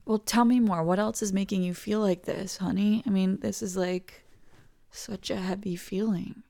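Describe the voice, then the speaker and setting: A woman in a whispered role-play as a doting partner, talking softly and tenderly and often dropping into whispers. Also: mid-range voice, steady tone, normal speed, creaky. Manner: soft, tender, soothing, slips into whispers. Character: doting, reassuring partner comforting the listener.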